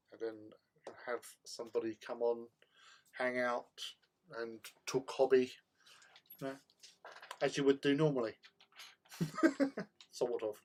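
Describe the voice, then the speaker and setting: Relaxed, chatty man hosting a hobby stream. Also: mid-range voice, a little hiss or hum. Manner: relaxed, chatty, often repeats words while thinking; responds to viewer chat while painting. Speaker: livestream host. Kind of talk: casual hobby livestream chat.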